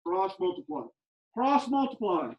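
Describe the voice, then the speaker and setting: A man's voice: high voice, very animated, a little slow, dull audio. A male math teacher in a classroom who teaches emphatically, repeats key steps and teases his students with sarcasm.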